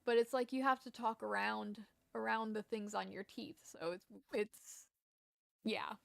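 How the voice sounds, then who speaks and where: Chatting loosely over her game stream, this woman mixes a Rhode Island accent with Southern touches and speaks with a lisp. She wanders, puts herself down, and keeps starting over. Her creaky voice is medium in pitch, steady, and unhurried, captured in clean studio sound with no room around it.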